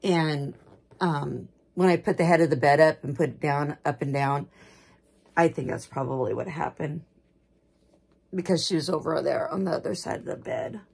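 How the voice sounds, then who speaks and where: A woman's voice: sits low, normal speed, creaky, darkish tone, breathy edge. A woman vlogging about her dolls in rambling, homespun casual chat that gushes with gasps. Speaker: doll collector vlogger.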